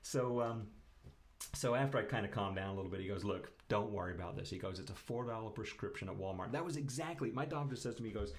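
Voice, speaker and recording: A man telling a personal story in casual chat, animated and jokey. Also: fairly low pitch, fast. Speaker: guest.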